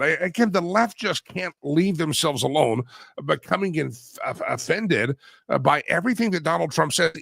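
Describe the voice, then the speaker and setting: A raspy, hoarse man hosts a talk radio show, his lively delivery swinging up and down in pitch. His voice is gravelly and bright, recorded close and dry on a studio mic. He teases his listeners as he talks. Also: no room sound. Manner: animated, teasing, jumps between loud and mumbled. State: hoarse, voice wearing out. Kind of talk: opinionated talk radio monologue.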